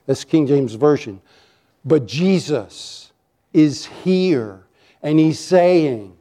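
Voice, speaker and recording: A pastor preaching a sermon to his congregation. His voice sits fairly high for a man but has a mellow, warm tone. His delivery is emphatic, and he stretches out the key lines. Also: animated. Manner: emphatic, varies pace, slows for key lines, rises when acting out accusations. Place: church sanctuary with a congregation.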